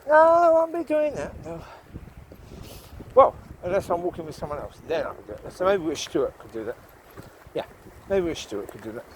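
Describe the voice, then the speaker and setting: Walking his dogs outdoors along a rural path near water, a man vlogs in a slightly high, sing-song voice, chatting casually and addressing the dogs. He talks a little fast with frequent pauses. There's some hiss or hum, and the recording quality is rough.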